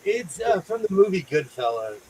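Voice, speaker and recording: A middle-aged man hosting a casual live-stream chat from his home sewing room, playful and animated, repeating his phrases for emphasis. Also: on the high side, normal speed, low-quality recording. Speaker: host.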